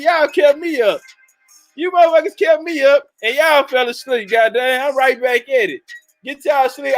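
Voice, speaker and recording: A man hosting a casual livestream, loudly and profanely shouting out viewers and joking with his chat. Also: extremely high pitch, rough recording. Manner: loud, profane, hyped-up banter with chat. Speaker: livestream host.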